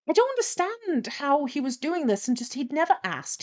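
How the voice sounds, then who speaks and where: A young woman streaming while she animates, chatting and retelling a story with lively quoted dialogue. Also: high-pitched, normal speed, few pauses.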